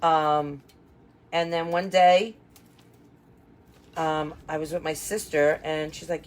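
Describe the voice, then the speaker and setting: A wreath designer with a deep voice hosts a live craft tutorial, greeting viewers by name. Though her delivery is flat, slow and full of pauses over slight background noise, she stays chatty and upbeat, with many fillers and asides to her audience.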